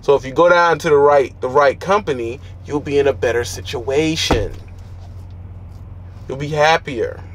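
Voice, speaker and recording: A man's voice: medium pitch, moderate pace, a little hiss or hum. A man who drives a truck, giving blunt, preachy advice in street slang from his truck cab. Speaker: trucker vlogger.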